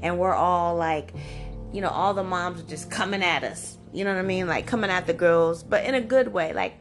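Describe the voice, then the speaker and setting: A woman in her forties hosting a podcast, telling a personal story in a chatty, animated way full of "like" and "you know". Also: lowish voice, moderate pace. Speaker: podcast host. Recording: music playing underneath. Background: background music.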